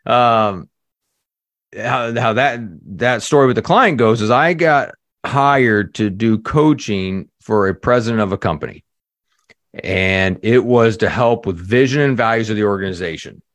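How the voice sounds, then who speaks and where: A man, a leadership coach guest on a podcast, telling a story in a lively conversational way, full of "you know" fillers and acted-out quotes. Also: lowish voice, measured pace, no room sound.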